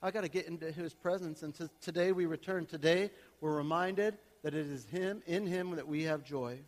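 A man in his thirties or forties, a pastor preaching a sermon to his church in a conversational way that swings between quiet, chatty asides and loud, emphatic passages. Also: a little high, normal speed. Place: church sanctuary. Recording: long hall reverb.

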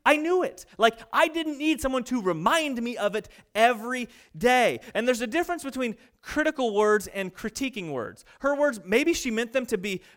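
A young adult man preaching a sermon, fast-talking and animated, mimicking people in quick asides. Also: very high voice. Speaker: pastor.

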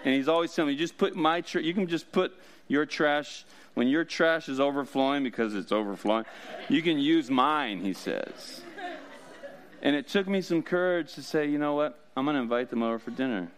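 Male pastor, relaxed storytelling sermon, laughs at his own jokes, smooth clear tone. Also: a little high, moderate pace. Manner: casual, joking, laughs often.

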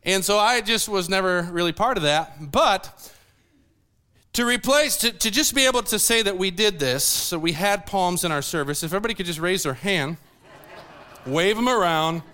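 Bright, high-voiced joking pastor. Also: male voice, animated, normal speed, smooth. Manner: playful, joking asides between scripture readings. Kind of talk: sermon. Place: church sanctuary.

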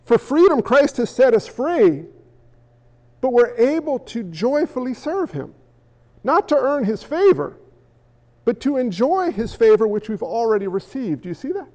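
A male pastor preaching an animated sermon, acting out the voices he quotes. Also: very high voice, unhurried. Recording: echoey hall, dull lo-fi sound.

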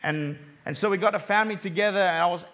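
A middle-aged man from Malaysia giving a sermon, telling a personal story and dropping soft and low on tender moments. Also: quick pace. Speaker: preacher.

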